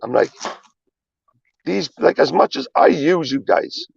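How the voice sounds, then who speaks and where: A man with a very low, gravelly and husky voice rambles and confesses on his livestream, swearing freely and repeating himself for emphasis. The audio is dry and dull, like a cheap stream mic. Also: very animated, unhurried, no echo. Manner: emphatic, repetitive, swearing often.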